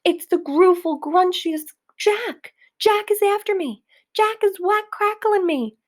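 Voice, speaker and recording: Woman doing a shrieking terrified giant. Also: slow pace. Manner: high shrieking wails. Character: huge terrified male giant screaming in nightmare.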